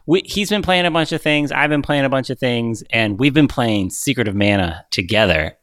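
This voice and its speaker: A man's voice: medium pitch, moderate pace, dry recording, clean studio sound. A man co-hosting a podcast in casual chat, rambling loosely with lots of fillers. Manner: relaxed, rambling with many fillers. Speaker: podcast co-host.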